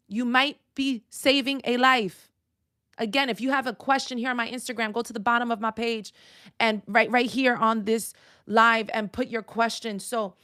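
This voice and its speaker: Emphatic preacherly woman, slightly high. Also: a bit bright. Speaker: counselor and live-stream host. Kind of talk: faith-based live-stream talk.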